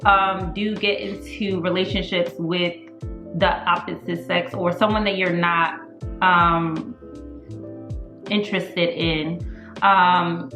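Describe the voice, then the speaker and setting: A woman's voice: lowish voice, a bit bright, echoey room. Candid, opinionated woman co-host. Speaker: podcast co-host. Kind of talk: casual opinionated chat.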